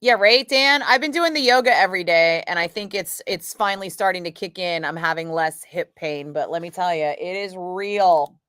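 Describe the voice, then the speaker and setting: A middle-aged woman, chatting casually with viewers on a home livestream, animated and sweary as she tells stories. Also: fairly low pitch, normal speed, hardly any pauses, dry recording, clean studio sound. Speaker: radio DJ chatting with live viewers.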